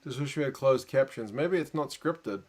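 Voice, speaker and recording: A tired man with a New Zealand accent talks casually into a desk mic late at night. His voice sits at an ordinary middle pitch. He drifts between quiet muttered asides and chatty replies to viewers. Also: normal speed. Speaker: live-stream host. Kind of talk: casual live reaction stream, reading chat.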